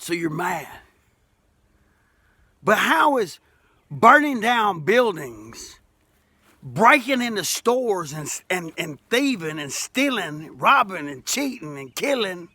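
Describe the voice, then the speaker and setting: Casting: middle-aged Alabama working man, folksy and emphatic monologue, bright forceful voice. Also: high-pitched, very animated, takes it slowly, dry recording. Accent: Southern US, Alabama. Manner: folksy, plainspoken, repeats himself, rising to emphatic. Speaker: masonry worker speaking to camera. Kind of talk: impassioned monologue to camera.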